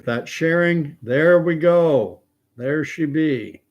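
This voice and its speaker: A man's voice: on the high side, lively intonation, slow pace, lo-fi sound. Chatty man hosting a live stream. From Canada. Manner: chatty, reads viewer comments aloud, thinks out loud. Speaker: livestream host. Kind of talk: casual live-stream commentary.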